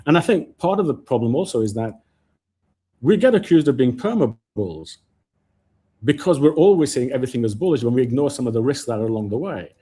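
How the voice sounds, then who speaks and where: A man's voice: mid-range voice, a little fast, husky. A man debating stock market timing on a casual live show, talking over others and restarting his sentences. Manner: animated, talks over others, many restarts. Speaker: market commentator.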